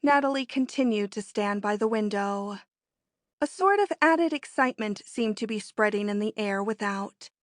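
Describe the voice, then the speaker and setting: A woman narrating a classic romance novel as an audiobook in a measured storytelling manner. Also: medium pitch, no room sound, clean studio sound. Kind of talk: scripted narration.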